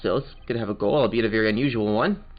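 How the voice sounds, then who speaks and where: Over background game music in a muffled recording, a let's play host with a fairly low voice talks very fast. He voices the game he's playing and keeps the chatter loose and jokey.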